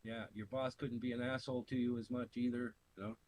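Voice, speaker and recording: A middle-aged man from Canada telling stories in casual chat, swearing freely and animated, often laughing through his stories. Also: mid-range voice, brisk, poor audio. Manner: profane, animated storyteller with laughs. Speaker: podcast co-host. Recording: faint hiss.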